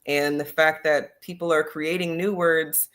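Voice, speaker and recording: A woman's voice: low-pitched, steady tone, measured pace, a bit bright. A woman who hosts and teaches, talking emphatically in a casual livestream discussion and speaking straight to her viewers. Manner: emphatic, addresses viewers directly. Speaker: host and teacher.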